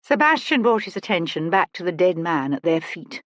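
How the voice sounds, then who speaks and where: A woman narrating a historical mystery audiobook in an expressive storytelling manner, close to the mic. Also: fairly low pitch, brisk, hardly any pauses, no echo.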